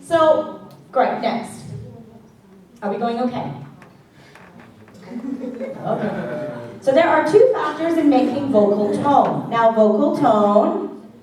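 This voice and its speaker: A woman vocal coach with a somewhat high voice teaches a singing class, chatty and checking in with her students often. She is picked up from across a very echoey room, with faint ambience behind her. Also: lively intonation, takes it slowly, long pauses, a little mellow, recorded from a distance. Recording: echoey classroom recorded from afar.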